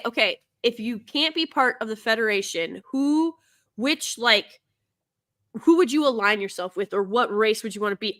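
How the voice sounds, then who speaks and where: Woman host chatting away, kinda high and bright, laughs a lot. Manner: chatty, laughs often, many restarts. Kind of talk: casual commentary chat.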